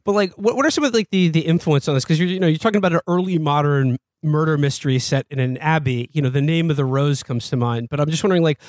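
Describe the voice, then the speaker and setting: Jokey podcast host with a higher voice. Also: male voice, fast, hardly any pauses, no echo. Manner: rambling, jokey questions full of likes. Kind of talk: casual podcast interview.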